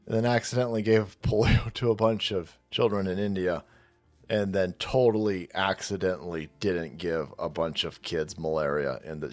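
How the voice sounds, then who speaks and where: A man's voice: lowish voice, lively intonation, moderate pace, soft background music. A man with a sarcastic, mocking, profane delivery, hosting a ranting commentary show. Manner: sarcastic, mocking, puts on voices of opponents. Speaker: political commentary host.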